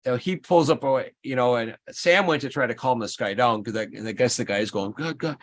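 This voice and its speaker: A man's voice: mid-range voice, brisk, a little hiss or hum. Man telling a rambling story. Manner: animated storyteller, rambling restarts. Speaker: livestream host. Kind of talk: casual chat.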